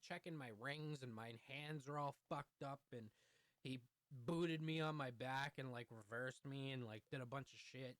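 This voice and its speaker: A man's voice: medium pitch, fairly bright tone, no room sound. A young man telling a heated, profanity-heavy story in a storytime vlog. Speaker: vlogger.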